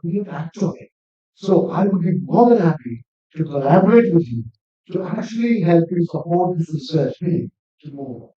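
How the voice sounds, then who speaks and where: A man's voice: on the high side, expressive, normal speed. A man, an academic lecturer, giving a conference presentation in an earnest manner that builds to emphatic appeals. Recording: distant mic in echoey hall, dull sound.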